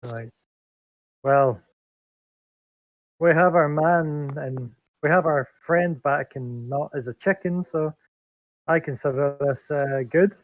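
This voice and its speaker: A male player chats easily through a tabletop session, thinking out loud at a slow pace. His voice sits slightly high, with a dry sound. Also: no echo, rough recording. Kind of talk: casual tabletop game chat.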